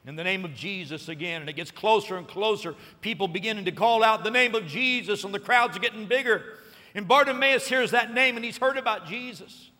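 A man preaching a sermon, telling a story with lively acted-out voices and rising to excited peaks. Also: high-pitched, fairly quick, big-room sound. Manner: animated storytelling, acting out voices and building to shouted peaks. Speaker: pastor.

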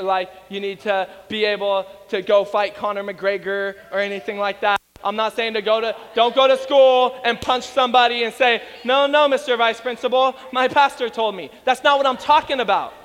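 A man preaching an energetic sermon to a congregation, telling stories and acting out the voices of the people in them. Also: high voice, moderate pace, hardly any pauses, smooth, big-room sound. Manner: animated storytelling, acts out voices. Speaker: pastor.

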